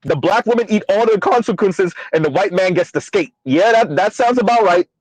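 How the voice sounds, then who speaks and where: A man's voice: high-pitched, lively intonation, brisk, dry recording, poor audio. A man hosting his own channel, ranting in a blunt, profane commentary with rhetorical questions. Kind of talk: casual commentary rant.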